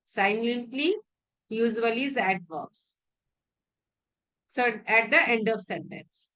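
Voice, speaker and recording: A woman's voice: on the high side, takes it slowly, bright, forceful tone. A woman with an Indian English accent teaching an exam-prep grammar lesson, repeating example sentences and breaking them down word by word.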